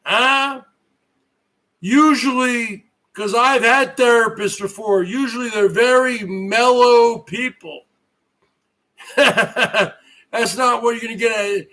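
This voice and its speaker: A middle-aged man hosting his own live stream, ranting at viewers in a loud, mocking way and often breaking into shouts. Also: extremely high pitch, takes it slowly. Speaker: livestream host.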